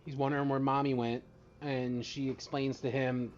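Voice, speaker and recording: A man acting as dungeon master on a live tabletop game stream, chatty and excitable with many fillers. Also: mid-range voice, fairly quick. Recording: dull lo-fi mic.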